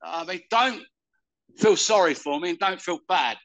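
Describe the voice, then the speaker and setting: Loud older man, rambling. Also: high voice, moderate pace, poor audio. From United Kingdom. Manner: loud, rambling, calls the listener "mate". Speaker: interviewee. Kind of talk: casual conversation.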